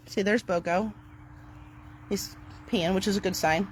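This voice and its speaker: A middle-aged woman talking casually to camera outdoors on her property, chatty and upbeat, switching to a bright cheery voice when she greets her dogs. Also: medium pitch, brisk, a little hiss or hum. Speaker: dog owner vlogger.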